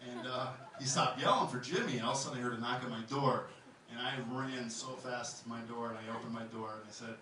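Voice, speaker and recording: A male stand-up comedian working a club crowd, animated and quick to act out characters in high, excited voices. He sounds distant and roomy, with a heavy echo in the recording. Audience noise runs clearly underneath. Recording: echoey club, mic from far off, crowd noise. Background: audience laughter.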